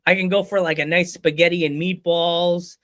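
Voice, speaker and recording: High-voiced joking male podcast host. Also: fairly even intonation, a bit bright. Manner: joking, laughs often, playful quoted voices; rambling, fast restarts. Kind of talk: casual chat.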